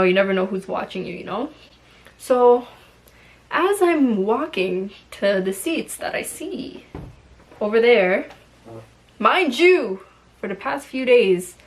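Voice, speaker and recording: Young woman, storytime vlog, chatty and slangy, mid-range voice. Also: mid-range voice. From Toronto, Canada. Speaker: vlogger.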